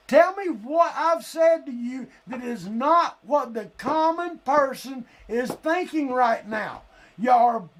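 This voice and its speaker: Fired-up man ranting. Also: very high voice. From Lee County, Florida. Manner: heated, blunt, profane, sometimes shouting. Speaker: live-stream host. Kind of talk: angry political rant.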